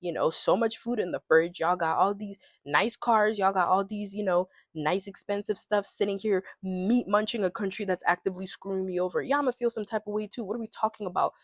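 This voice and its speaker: A woman's voice: medium pitch, a little fast, hardly any pauses, no room sound, studio quality. A young woman from Ghana, recording a casual solo rant, opinionated and sarcastic. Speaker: podcast host.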